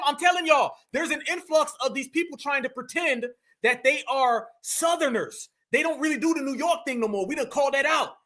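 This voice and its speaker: A man's voice: very high voice, bright, forceful tone. A man hosting a live stream, talking emphatically and addressing his chat directly. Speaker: livestream host.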